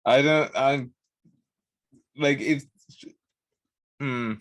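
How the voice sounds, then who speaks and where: A man's voice: mid-range voice, very slow, fairly bright tone, no echo. A man from Britain co-hosting a podcast, rambling with many fillers in casual chat. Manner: rambling, hesitant, full of fillers and restarts. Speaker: podcast co-host. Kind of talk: casual round-table chat.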